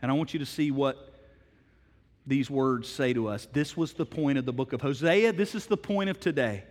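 A middle-aged man preaching a sermon as pastor, telling a story with swings from hushed words to loud, emphatic ones. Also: mid-range voice, moderate pace, long reverb tail.

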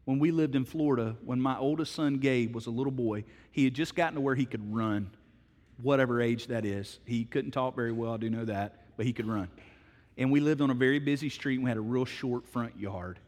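A middle-aged man preaching a sermon as pastor, telling a story with swings from hushed words to loud, emphatic ones. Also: medium pitch, fairly quick, long reverb tail.

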